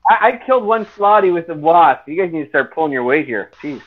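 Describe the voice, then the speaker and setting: A man's voice: fairly high pitch, lively intonation, brisk, a bit bright. A man playing a tabletop game online, hesitant and self-mocking, swearing casually at his bad luck. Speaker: player. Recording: tinny phone-like voice chat line.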